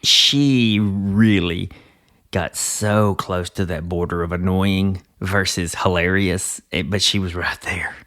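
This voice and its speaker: A man's voice: deep voice, fairly even intonation, slow, fairly bright tone. A man hosting a podcast in casual chat with a Southern US accent, thoughtful, with small laughs. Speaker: podcast host.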